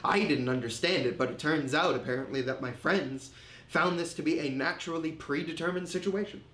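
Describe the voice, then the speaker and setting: An actor playing a remorseful man confessing his drinking and insecurity, telling it slowly and haltingly in a film monologue. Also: a little high, fairly bright tone, slight background noise, lightly acted. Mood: reflective. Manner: slow, halting, reflective storytelling. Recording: roomy echo.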